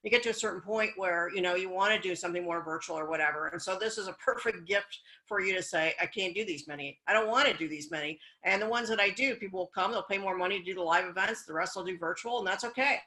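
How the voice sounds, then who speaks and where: A woman's voice: lowish voice, quick pace, hardly any pauses, sharp tone, rough recording. A middle-aged woman business coach speaking candidly and encouragingly in a casual chat, sharing personal stories. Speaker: business coach and event host.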